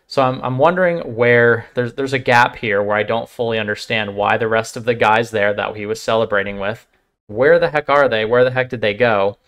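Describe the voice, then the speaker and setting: A man's voice: medium pitch, normal speed, a bit bright. A man hosting a channel and reacting to a clip, talking it through reflectively and asking lots of questions. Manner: reflective, asks a lot of questions. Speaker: channel host. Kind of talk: reaction commentary.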